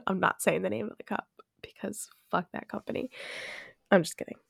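A woman's voice: medium pitch, normal speed, creaky, a bit bright, slightly rough, no echo, studio quality. A young woman hosting a podcast alone, chatting in a rambling way with lots of "like" and frequent laughs. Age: young adult. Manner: rambling, laughs often, heavy use of "like". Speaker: podcast host. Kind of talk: casual solo chat.

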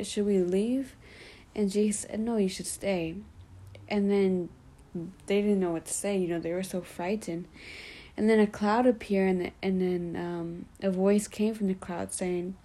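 Mellow woman casually retelling scripture. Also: mid-range voice, rough recording. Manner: chatty, loose, many "like" and "you know" asides; explains and paraphrases the text in her own words. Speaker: Bible study leader. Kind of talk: casual Bible story retelling.

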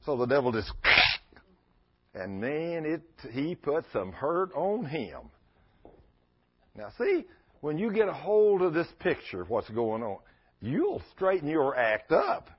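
Husky folksy preacher man. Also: a little high, slow pace. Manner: folksy storytelling with animated quoted voices. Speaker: pastor. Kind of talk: sermon. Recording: dull lo-fi church recording.

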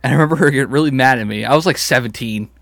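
A man's voice: medium pitch, rapid-fire, vocal fry, a bit bright, no echo. Casual young man co-hosting a podcast. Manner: laughs often, swears casually. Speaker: podcast co-host. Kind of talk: casual chat.

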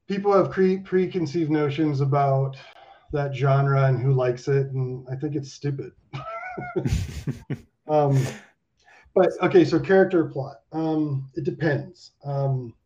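A man talking in a casual video-call chat, animated and rambling, swearing freely with lots of fillers. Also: a little high, slow, pauses often, lo-fi sound. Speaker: animation director, guest.

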